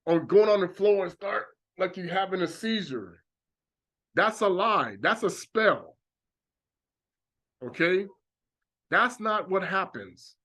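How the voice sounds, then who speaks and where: High-voiced man preaching animatedly. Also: slow, long pauses. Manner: animated, acts out reactions in exclamations. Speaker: religious teacher. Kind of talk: preaching monologue.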